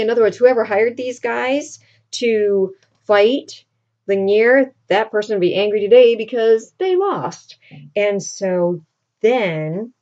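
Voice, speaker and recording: A woman's voice: medium pitch, expressive, slow pace, darkish tone. A woman teacher casually recapping a reading assignment for her students, in a chatty storytelling way with plenty of fillers. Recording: dull lo-fi recording.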